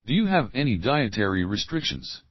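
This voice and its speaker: A man's voice: medium pitch, very animated, no room sound, lo-fi sound. Man reading English drill questions. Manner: slow, clear drill reading, repeating each opening phrase. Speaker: English teacher. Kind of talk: reading example questions for learners.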